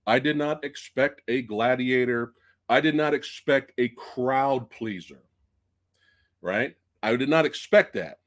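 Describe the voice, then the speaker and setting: A man hosting a live-stream movie review show, chatting casually with viewers, excitable and swearing freely. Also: mid-range voice, slow pace. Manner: chatty, addresses viewers directly.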